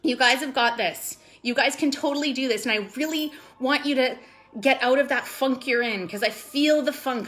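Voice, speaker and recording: A woman's voice: high-pitched, animated, brisk, fairly bright tone. A woman vlogging casually to her business team, gushing and rambling with lots of "like" and "totally", sometimes close to tears. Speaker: network marketing vlogger. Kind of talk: casual motivational vlog.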